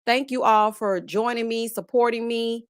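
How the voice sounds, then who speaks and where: Chatty high-voiced woman livestream host. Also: fairly even intonation, moderate pace. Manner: chatty, greets viewers one by one; sassy, playful asides. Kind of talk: casual live-stream chat.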